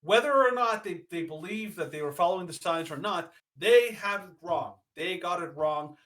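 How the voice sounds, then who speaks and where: A man's voice: high-pitched, animated, moderate pace, fairly bright tone, low-quality recording. A man co-hosting a podcast, ranting emphatically with indignation and lots of fillers. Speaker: podcast co-host. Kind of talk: opinionated podcast rant.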